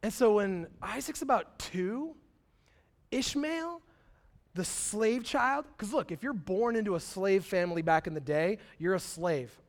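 A young man delivering a sermon as casual storytelling, slipping into slang and acting out what people say. His delivery is animated, with big swings between loud bursts and quiet asides. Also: sits high, measured pace. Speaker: pastor.

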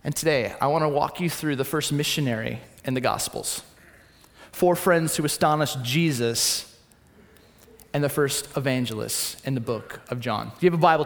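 Young male pastor, high voice, preaching in a church hall with long reverb; dramatic storyteller who drops to a hush. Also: moderate pace. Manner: storytelling, swings between loud and hushed. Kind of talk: sermon.

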